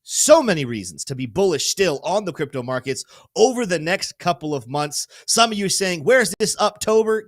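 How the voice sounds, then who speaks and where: A male host giving casual crypto market commentary in an energetic, joking way, hyping his viewers. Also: sits high, moderate pace, no echo, clean studio sound. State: teary-eyed.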